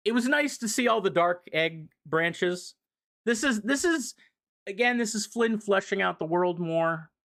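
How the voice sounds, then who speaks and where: A man's voice: high-pitched, expressive, measured pace, a bit bright. A young man casually recapping comic issues on a livestream, rambling with fillers and the odd swear. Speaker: streamer explaining comics.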